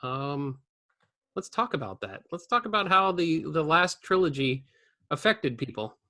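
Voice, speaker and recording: A man hosts a relaxed podcast over a video call, talking in a halting way with many fillers. His voice is bright and somewhat high. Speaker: podcast host. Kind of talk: casual podcast chat.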